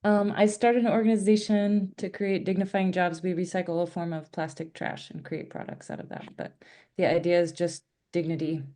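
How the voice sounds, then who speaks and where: A woman's voice: fairly low pitch, little pitch movement, moderate pace, warm tone. A woman speaking up in an online town hall over a video call, earnest and effusive, with many fillers. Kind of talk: casual live video-call talk.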